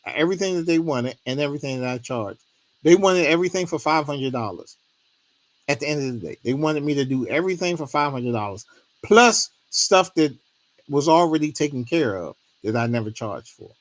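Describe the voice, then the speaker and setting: A man's voice: medium pitch, animated, moderate pace, no room sound. A man, talking casually on a livestream, rambling and pleading for comments, and cooing at his dog in between. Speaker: streamer.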